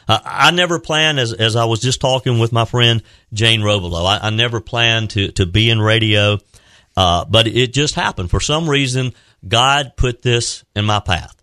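A male radio talk show host in a studio, telling a story in a halting, earnest way with many restarts. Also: medium pitch, bright, forceful tone, no echo. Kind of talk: heartfelt farewell talk and storytelling. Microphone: close studio microphone.

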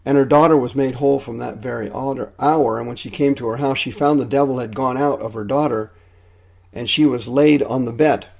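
A man's voice: mid-range voice, fairly even intonation, fairly quick, vocal fry, darkish tone. A man preaching a radio sermon, teaching with emphatic repetition. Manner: emphatic, repeats key points.

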